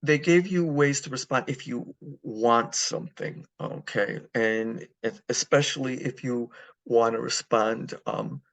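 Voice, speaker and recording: A man teaching a Spanish lesson, going over phrases patiently and repeating them slowly, with many fillers. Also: mid-range voice, a bit bright. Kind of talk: recorded online lesson walkthrough.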